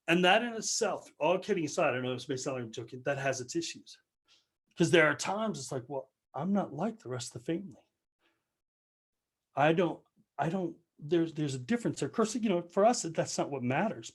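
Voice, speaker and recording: A man's voice: on the high side, fairly bright tone. A man giving an earnest motivational talk over a video call, rambling and joking. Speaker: speaker.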